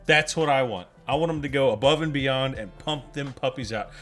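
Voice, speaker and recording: A man's voice: mid-range voice, a little fast, a bit bright, soft background music. A man co-hosting a casual gaming podcast, joking and blunt, swearing casually as he talks. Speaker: podcast co-host. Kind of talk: casual chat.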